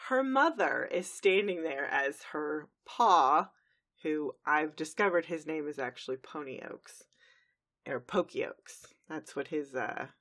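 A woman from Dallas, co-hosting a podcast and retelling a cartoon episode in a chatty, animated way. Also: low-pitched, measured pace. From Dallas, Texas. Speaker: podcast co-host. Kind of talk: casual recap chat.

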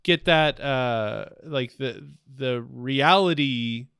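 A man's voice: mid-range voice, drawn-out words, gravelly, a bit bright, smooth, no echo, studio quality. Eager, stammering male podcast guest. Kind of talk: casual chat.

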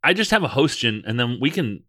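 Lively, bright-voiced podcast co-host man. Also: medium pitch, no echo, studio quality. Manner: lively questioning, quick bursts. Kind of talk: casual chat.

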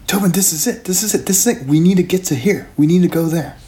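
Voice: mid-range voice, expressive, normal speed, pitched above the performer's own voice, close to an everyday voice. A player voicing a frantic, bossy young princess knight in a tabletop game, pushy and urgent.

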